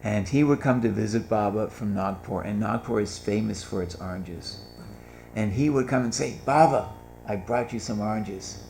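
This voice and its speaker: A man's voice: on the low side, normal speed, gravelly, a little mellow, slight background noise. An older man telling humorous anecdotes at a gathering, acting out the voices of the people he quotes. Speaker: speaker at a gathering. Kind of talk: storytelling talk.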